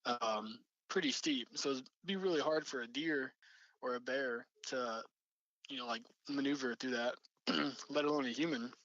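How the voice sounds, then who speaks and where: A man's voice: medium pitch, normal speed, fairly bright tone, dry recording, dull audio. A young man telling a story casually, rambling with lots of fillers and restarts. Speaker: storyteller recounting an encounter.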